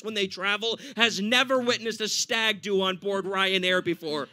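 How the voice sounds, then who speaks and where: A man with an American accent doing a standup comedy set for a live audience, animated and laughing often. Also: high voice, moderate pace, few pauses. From United States.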